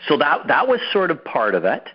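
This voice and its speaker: A man's voice: on the high side, wildly swooping pitch, a little fast, husky, highs cut off. A man hosting an interview, upbeat, often repeating words as he starts a sentence. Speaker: host. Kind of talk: interviewing a guest.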